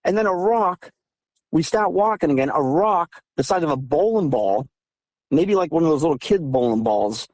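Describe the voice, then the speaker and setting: Recounting encounters by phone in a casual storytelling interview, a man in his thirties from southeastern Massachusetts gets animated and emphatic, his voice going up when he's heated. He speaks at a moderate pace, with no echo on the line.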